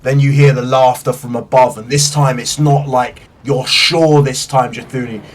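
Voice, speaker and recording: A man's voice: mid-range voice, fairly even intonation, normal speed, far from the mic. A man narrating as game master, describing scenes vividly and swearing freely.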